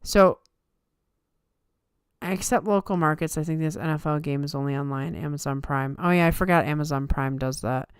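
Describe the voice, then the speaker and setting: A woman's voice: low voice, normal speed, clear, resonant tone, dry recording, clean studio sound. A tired woman hosting a livestream, chatting casually and answering comments from her viewers. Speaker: livestream host.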